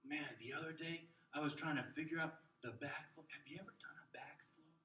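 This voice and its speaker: Man, middle-aged, workshop teacher, bright tone, roomy hall echo, faint room hum. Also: fairly high pitch, fairly quick. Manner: lively, joking, acts out examples in different voices. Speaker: children's ministry trainer. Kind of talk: teaching a workshop to a live group. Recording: roomy hall sound from a distant mic.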